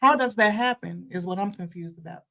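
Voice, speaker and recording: A woman on a casual faith and news chat, explaining the news carefully with many pauses and ums. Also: mid-range voice, gravelly, fairly bright tone. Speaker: panelist on a faith and news show.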